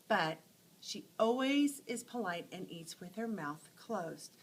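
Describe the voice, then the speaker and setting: A woman teacher telling short animal stories to teach letter sounds, acting out each sound with lively expression. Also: mid-range voice, slow pace, breathy edge, poor audio. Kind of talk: phonics lesson storytelling.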